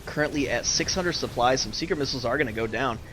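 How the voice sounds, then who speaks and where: A young man casting a live online strategy game, ranting and exasperated, swinging between loud outbursts and muttered asides. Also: mid-range voice, quick pace, slight background noise. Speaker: game caster and streamer.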